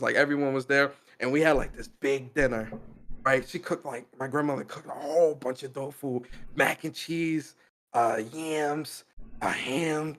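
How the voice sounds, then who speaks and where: A young man co-hosting a podcast, telling a personal story in casual slangy chat, laughing often. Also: a little high. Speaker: podcast co-host.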